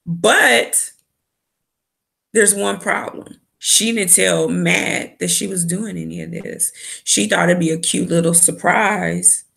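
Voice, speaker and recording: A woman's voice: on the low side, fairly even intonation, slow pace, gravelly, a bit bright. A woman giving a candid, opinionated casual recap of a reality show as a vlogger. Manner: candid, opinionated, with quoted asides.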